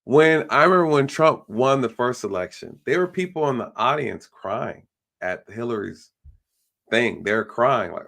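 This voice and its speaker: A man's voice: mid-range voice, lively intonation, a little slow, gravelly, fairly bright tone. A man hosting a live stream, talking bluntly in a ranting way and mimicking the people he quotes. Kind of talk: casual opinion talk.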